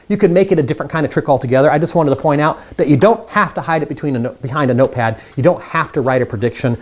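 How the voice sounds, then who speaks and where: A man's voice: on the high side, very fast, hardly any pauses. A man teaching mind reading magic tricks in a casual, upbeat tutorial, chatting straight to the viewers.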